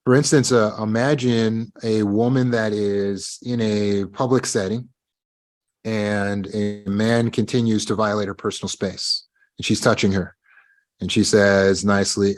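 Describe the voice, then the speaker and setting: A man's voice: fairly low pitch, level tone, moderate pace, darkish tone. A man teaching a self-help lecture, emphatic, speaking straight to his students and acting out the lines of the people in his examples. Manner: emphatic, talks straight to his students, acts out quoted speech. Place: live online meeting.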